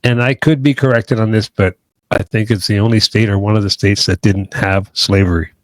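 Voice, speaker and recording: A man's voice: lowish voice, steady tone, a little fast, no room sound. A man co-hosting a podcast, chatting casually and rambling with hedges and restarts. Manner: rambling, hedging, many restarts. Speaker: podcast co-host.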